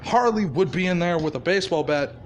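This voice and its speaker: A man's voice: high-pitched, animated, fairly quick, slight background noise. A man casually improvising a fan-fiction story, swearing freely and chuckling.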